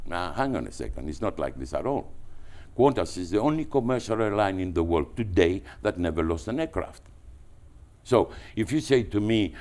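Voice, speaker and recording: A man from Greece with a Greek accent, telling business anecdotes as a guest, animated and full of restarts. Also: low-pitched, a little fast. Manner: animated, with frequent restarts and repetitions. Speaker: entrepreneur guest. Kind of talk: anecdotal storytelling.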